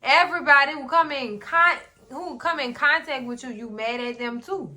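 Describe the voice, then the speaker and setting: Woman, TV recap vlogger, animated, sassy, slightly high voice. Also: normal speed. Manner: animated, sassy, talks straight to the characters. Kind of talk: casual TV recap commentary.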